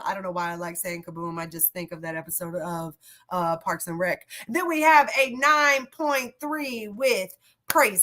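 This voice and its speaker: A woman's voice: on the low side, a little slow, pushed and bright. A woman hosting an online poetry slam in a chatty, upbeat way, reading out scores and drifting into singing. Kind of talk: casual live-stream hosting.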